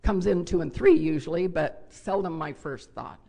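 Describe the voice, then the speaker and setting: Gravelly older woman telling her story. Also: fairly low pitch, lively intonation, moderate pace, warm tone. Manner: candid, heartfelt storytelling. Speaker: recovery convention speaker. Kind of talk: personal share talk. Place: hotel convention ballroom.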